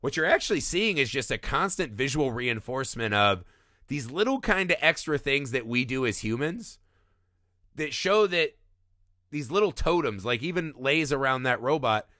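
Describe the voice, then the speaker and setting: A man co-hosting a film podcast, talking in a casual, animated way and laughing as he acts out lines from the movie. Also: medium pitch, no room sound, studio quality. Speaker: podcast co-host.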